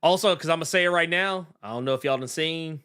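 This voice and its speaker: A young man hosting a podcast, chatting in an excitable, slangy way and often restarting his sentences. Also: fairly high pitch, fast, clean tone. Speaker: podcast host. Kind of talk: casual pop-culture chat.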